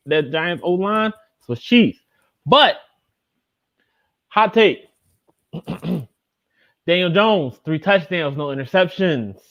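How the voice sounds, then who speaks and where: A man's voice: a little high, dry recording, muffled recording. A man co-hosting a casual sports podcast, starting hesitantly and repeating phrases before bold claims. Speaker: podcast co-host.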